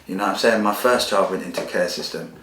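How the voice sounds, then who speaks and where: A man's voice: low-pitched, quick pace, fairly bright tone, a little hiss or hum. A man, telling his life story as a podcast guest in a blunt, emotional way with street slang. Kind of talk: candid personal storytelling. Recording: echoey room.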